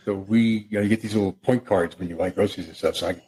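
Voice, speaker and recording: American male co-host, husky voice, ribbing his partner in loose chat. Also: fairly low pitch, warm tone. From USA. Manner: teasing, retells commercials with quick impressions. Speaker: radio host. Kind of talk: casual chat.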